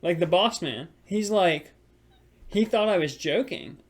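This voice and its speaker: A man's voice: high-pitched, animated, unhurried. A young man co-hosting a podcast, telling a frustrated story about work in a rambling, casual way full of filler words. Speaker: podcast co-host.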